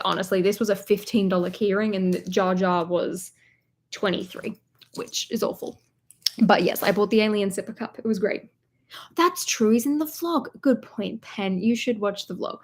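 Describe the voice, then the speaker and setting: A woman's voice: medium pitch, normal speed. A young woman vlogger chatting live from a hotel room, telling a long rambling story and talking to her viewers as she goes. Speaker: vlogger hosting a livestream. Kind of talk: casual live-stream chat.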